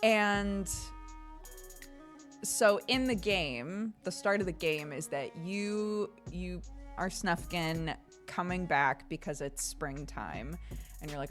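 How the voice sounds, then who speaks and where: A woman streamer talking with her stream chat in a relaxed, conversational way. Her voice sits a bit low for a woman, and she laughs often as she tells her stories. Soft music plays faintly behind her. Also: slow. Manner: chatty, laughs often, animated storytelling.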